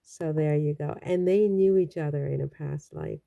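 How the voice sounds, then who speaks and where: A woman's voice: low voice, moderate pace, creaky, lo-fi sound. A woman from the Caribbean giving casual, chatty and rambling commentary on a vlog, with frequent exclamations. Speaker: royal news vlogger.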